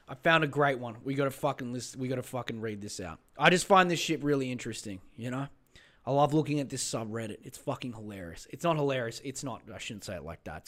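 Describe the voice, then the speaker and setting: A man's voice: on the high side, a bit bright. Rambling, swearing podcast host man. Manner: rambling, profane, self-mocking, mutters while searching. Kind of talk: casual solo podcast monologue.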